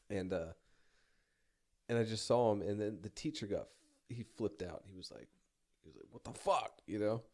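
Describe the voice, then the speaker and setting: A man's voice: lowish voice, measured pace, long pauses, dark tone. A young man telling a personal story in a rambling, self-deprecating way, swearing casually and stumbling through many restarts.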